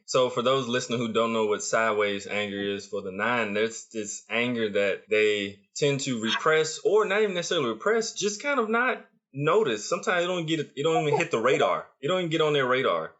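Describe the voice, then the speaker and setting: A man's voice: medium pitch, brisk, fairly bright tone, lo-fi sound. Emphatic male podcast host. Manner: emphatic, repeats phrases for stress. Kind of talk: explaining, casual talk.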